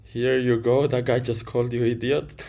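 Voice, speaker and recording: A man's voice: mid-range voice, level tone, moderate pace, creaky, dark tone. A man chatting casually on a livestream, reading out viewer comments and answering them bluntly, with casual swearing. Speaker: livestream trader.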